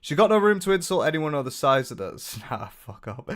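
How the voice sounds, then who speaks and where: A man's voice: fairly high pitch, big pitch swings, a little fast. A young man with a British accent talks in a loose, offhand commentary style, swearing freely and poking fun at the person he is discussing. He breaks off now and then to read out and answer comments. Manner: blunt, sweary and mocking, often reading viewer comments aloud. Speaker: commentary YouTuber. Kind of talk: casual reaction commentary.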